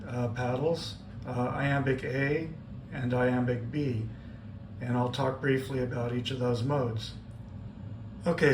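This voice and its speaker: Relaxed man explaining ham radio keying. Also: medium pitch. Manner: relaxed, explanatory, with frequent "uh" fillers. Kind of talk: casual how-to demonstration. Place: home radio station. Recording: echoey room with audible background noise.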